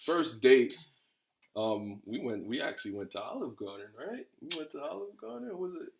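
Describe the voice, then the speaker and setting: A man's voice: medium pitch, very animated, moderate pace, vocal fry, a little hiss or hum, low-quality recording. A man in his thirties from New York co-hosting a couple's podcast, easygoing, laughing often and rambling with restarts. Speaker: podcast co-host. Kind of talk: casual couple chat.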